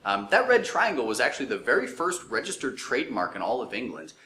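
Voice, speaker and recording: A young man explains in a casual educational chat, filling pauses with um and uh. His voice is bright and forceful. The room is echoey, with a faint background hiss. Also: mid-range voice, wildly swooping pitch. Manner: explanatory, many fillers like um and uh. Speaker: co-host.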